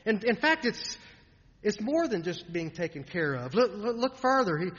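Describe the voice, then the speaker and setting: A man preaching a sermon in an earnest way, often repeating words and trailing off softly at the ends of lines. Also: high voice, very animated, normal speed. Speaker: pastor. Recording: dull sound in a reverberant hall.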